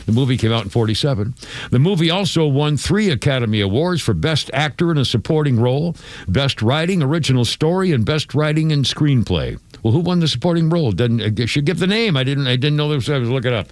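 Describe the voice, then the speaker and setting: A man hosting a radio talk show, chatty and quick to laugh as he talks with callers. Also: medium pitch, no room sound. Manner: chatty, laughs often, animated.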